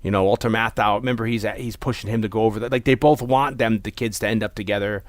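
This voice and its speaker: A man's voice: fairly low pitch, steady tone, quick pace, dry recording, clean studio sound. A young man hosting a podcast, chatting casually and telling a rambling story with many restarts. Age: young adult. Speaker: podcast host. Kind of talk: casual chat.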